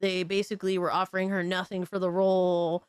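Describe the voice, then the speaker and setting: Her voice is fairly low and flat in pitch, a little fast, clean and echo-free as she runs a gaming news live stream. Casual and profane with her viewers, she laughs a lot and addresses people as brother and dog.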